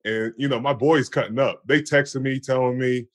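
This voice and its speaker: A man's voice: mid-range voice, fairly even intonation, fairly quick. A man in his thirties in casual chat, telling stories in a laid-back, slang-heavy way. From born in Pittsburgh, raised in Atlanta. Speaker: podcast guest.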